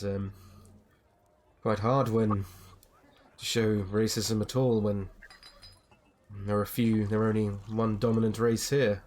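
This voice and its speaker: A young man running a tabletop game as dungeon master, narrating with frequent hesitant pauses. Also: lowish voice, slight background noise. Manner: hesitant, many ums, relaxed.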